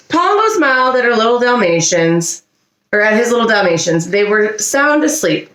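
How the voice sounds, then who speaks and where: Animated woman reading a storybook aloud. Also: on the high side, normal speed. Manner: animated, expressive. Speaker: teacher. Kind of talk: children's storybook read-aloud. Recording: roomy echo.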